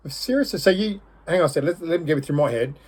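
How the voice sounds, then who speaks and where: A man with a somewhat high, husky voice, hosting a casual podcast. He reacts with incredulous, teasing remarks and sums up his guest's misadventures. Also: lively intonation, racing, darkish tone. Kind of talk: casual chat.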